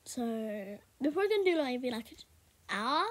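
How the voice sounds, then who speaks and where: A young woman chatting casually while she plays a game for her video, rambling and now and then bursting out loudly. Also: high voice, big pitch swings, moderate pace. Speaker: gaming video creator. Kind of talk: casual gameplay commentary.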